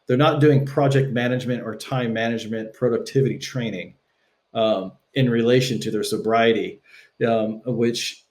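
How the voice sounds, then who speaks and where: A young man from Texas talking casually as a podcast guest, animated and acting out quoted conversations. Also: medium pitch, normal speed. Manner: animated, acts out quoted dialogue, swears casually.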